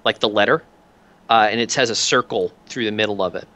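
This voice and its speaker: A man's voice: on the low side, brisk, bright, forceful tone. A man narrating as game master, describing scenes in a loose, rambling way. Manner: loose, rambling description with many fillers and restarts.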